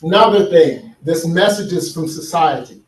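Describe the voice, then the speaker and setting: A man's voice: a little high, expressive, normal speed. A man giving an earnest conference talk, telling stories and asking the audience questions. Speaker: speaker. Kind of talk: conference talk on men's healing. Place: large hall with an audience. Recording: echoey hall, speaker far from mic.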